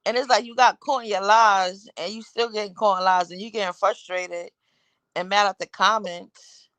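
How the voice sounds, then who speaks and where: A woman's voice: mid-range voice, fairly even intonation, moderate pace, a bit bright, no room sound. A woman hosting a live talk show, rambling through her opinions and asking the audience one rhetorical question after another. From Caribbean. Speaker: host.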